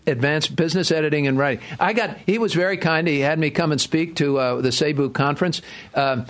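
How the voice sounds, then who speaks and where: A man's voice: a little high, fairly quick. A man hosting a financial talk show in a studio, chatty and rambling with self-deprecating asides. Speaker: podcast host, financial adviser. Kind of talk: casual radio-style talk.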